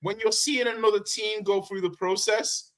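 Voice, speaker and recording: A man's voice: high voice, fairly even intonation, moderate pace, fairly bright tone. A man arguing with friends on a football talk stream, teasing and combative. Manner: teasing, argumentative. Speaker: panelist. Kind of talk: heated casual football debate.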